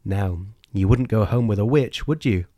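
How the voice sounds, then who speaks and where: A man voicing a gentle woman who reads a fairy tale to a little boy and playfully asks him questions. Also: lowish voice, normal speed, no room sound, clean studio sound, lightly acted. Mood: coaxing. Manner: soft, coaxing storyteller.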